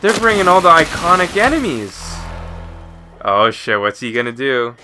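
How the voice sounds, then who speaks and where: A man giving let's play commentary with excitable shouts and frequent exclamations. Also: fairly high pitch, moderate pace, over music. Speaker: gamer.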